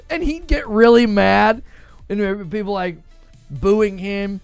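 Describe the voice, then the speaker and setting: A man's voice: high-pitched, drawn-out words, gravelly, long pauses, clean tone, no room sound, faint music behind. A man hosting a gaming live stream, chatting casually, reading viewer comments and laughing often as he riffs on jokes.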